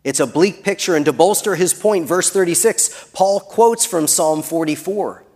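A man preaching a sermon who builds to emphatic peaks and then drops very soft. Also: high voice, moderate pace. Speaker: pastor.

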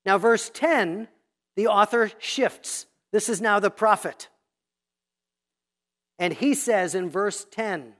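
A pastor giving an expository sermon, reading scripture slowly and deliberately, then explaining it in a teacherly way and pointing out repeated themes. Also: mid-range voice, fairly bright tone.

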